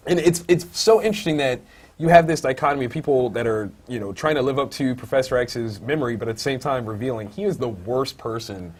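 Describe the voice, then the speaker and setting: A man co-hosting a casual comic book review podcast, thinking aloud with many fillers and breaking into loud, high-pitched outbursts when excited. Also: fast talker, breathy edge. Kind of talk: casual chat.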